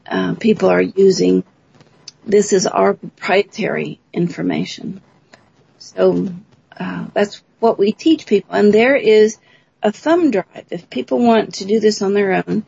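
A woman's voice: mid-range voice, creaky, warm tone, breathy edge, dull audio. A woman, a guest on a radio interview, giving long, talkative explanations of her research and program. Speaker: guest, bioacoustics researcher and teacher.

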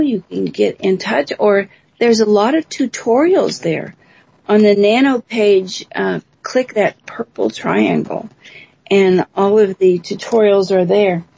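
A woman's voice: medium pitch, gravelly, mellow, husky, lo-fi sound. A woman, a guest on a radio interview, giving long, talkative explanations of her research and program. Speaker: guest, bioacoustics researcher and teacher.

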